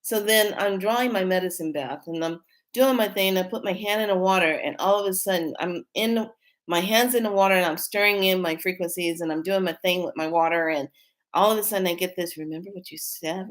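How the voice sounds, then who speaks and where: A woman hosting her own spiritual channel, telling a story in a casual, rambling way with many restarts and bursts of excitement. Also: fairly low pitch, a little fast. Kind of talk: casual spiritual vlog talk.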